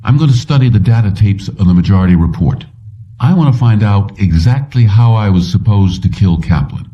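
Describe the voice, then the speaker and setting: A man voicing a weary middle-aged police commissioner who talks in a somber, measured way. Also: on the low side, animated, far from the mic, lo-fi sound, close to an everyday voice.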